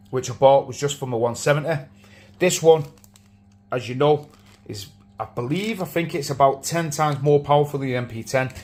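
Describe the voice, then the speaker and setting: A man with a slightly worn voice, vlogging casually at home beside his aquarium, rambling with many restarts and calling things fantastic. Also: mid-range voice. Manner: rambling, with frequent restarts and repeated words; enthusiastic, keeps saying things are fantastic and massive. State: slightly lost voice. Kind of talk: casual unboxing chat to camera.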